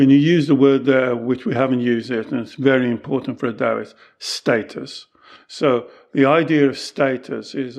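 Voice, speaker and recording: This middle-aged Taoist teacher and podcast host has a medium-pitched, slightly mellow voice. In a casual teaching conversation he explains things patiently and earnestly, often acting out the lines he quotes.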